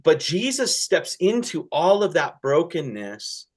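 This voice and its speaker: A man speaking as a pastor in a conversational church discussion, earnest and halting, often restarting, with feeling rising in his voice. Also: a little high, big pitch swings.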